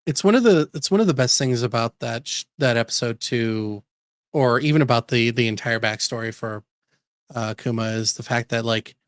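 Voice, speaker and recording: Podcast co-host, man, mid voice, animated storyteller. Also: medium pitch, no echo, studio quality. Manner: animated storyteller, laughs while talking. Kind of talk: casual chat.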